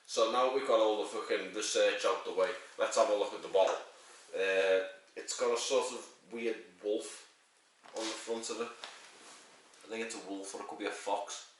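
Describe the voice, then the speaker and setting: A man's voice: fairly low pitch, steady tone, normal speed, a little hiss or hum. A man reviewing a beer in a rambling, crude and jokey way, swearing as he goes. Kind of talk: casual sweary review monologue. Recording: very echoey room, mic at a distance.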